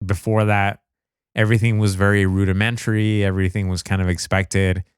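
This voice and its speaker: A man chats casually on a podcast, relaxed and unhurried, with "you know" fillers. His voice is very deep, smooth and clear. The recording is dry and close-miked. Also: no echo. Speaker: podcast co-host. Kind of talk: casual movie review chat.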